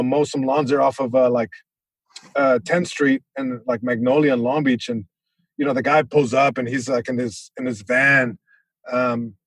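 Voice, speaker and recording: Animated storytelling man, dry close sound. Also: mid-range voice, no echo. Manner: animated, acts out voices, many restarts. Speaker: comedian guest. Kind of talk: casual storytelling chat.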